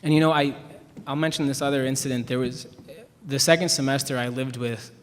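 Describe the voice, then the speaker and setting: Speaking fairly quickly in a mid-range voice with fairly even intonation, a young Chicago writer on a panel shares rambling anecdotes that poke fun at himself, laughing along. The event hall has an audience, long reverb, and slight background noise.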